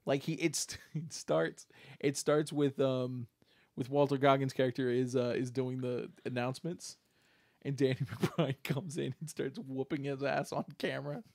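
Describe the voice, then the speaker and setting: A man's voice: mid-range voice, flat delivery, moderate pace, vocal fry, a little mellow, dry recording, studio quality. A man co-hosting a casual talk show, chatting enthusiastically and rambling, laughing often. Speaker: podcast co-host. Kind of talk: casual chat.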